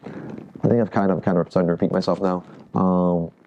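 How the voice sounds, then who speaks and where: A man's voice: deep voice, little pitch movement, a little fast, dark tone, lo-fi sound, a little hiss or hum. A man teaching a jiu-jitsu workshop in casual talk, restarting phrases and asking the group questions. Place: training room at a camp.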